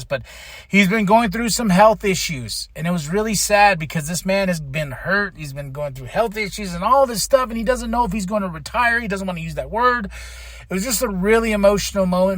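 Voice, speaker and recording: Excitable high-voiced man recapping wrestling. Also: no echo. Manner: excitable, animated, swears casually. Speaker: podcast host.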